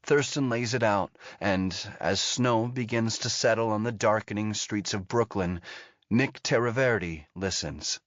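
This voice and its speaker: A man narrating an audiobook thriller in an even, steady storytelling manner. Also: lowish voice, unhurried, no room sound. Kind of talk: scripted narration. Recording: dull lo-fi audio.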